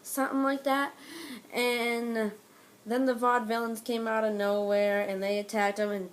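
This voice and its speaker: A woman's voice: a little high, flat delivery, moderate pace. A woman vlogger giving a casual, rambling recap of a wrestling episode, full of "um" and "blah, blah" asides.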